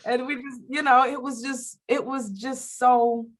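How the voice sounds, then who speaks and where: A woman's voice: high-pitched, measured pace, a little hiss or hum. A middle-aged woman, a radio host and comedian, chatting candidly as an interview guest and acting out the voices of people she quotes. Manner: animated storyteller who acts out quoted voices. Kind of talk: candid faith interview chat.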